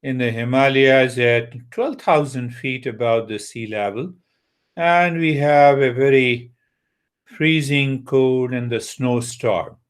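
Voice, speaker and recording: A man giving a spiritual talk on meditation as a teacher, unhurried, asking his listeners rhetorical questions. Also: medium pitch, clean tone.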